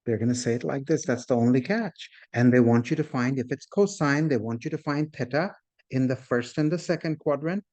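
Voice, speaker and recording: A medium-pitched, darkish-toned man lectures to a math class at a fairly quick pace. He breaks the material into steps, keeps checking in with students he calls "guys," and invites them to ask questions.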